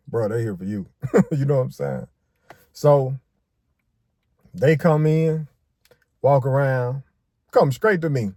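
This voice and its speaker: A man's voice: medium pitch, slow, pauses often, mellow, no echo, studio quality. A man from Arkansas with a Southern accent, casually telling a personal story in slangy street talk and acting out the quotes.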